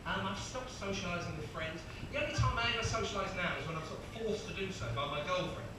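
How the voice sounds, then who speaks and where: Lively high-voiced male comic in his thirties, self-mocking, echoey venue heard from afar. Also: fast. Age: 30s. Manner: chatty, self-mocking, bursts of laughter. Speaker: stand-up comedian. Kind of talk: stand-up comedy routine. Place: comedy venue with audience. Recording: echoey venue, distant mic, crowd noise.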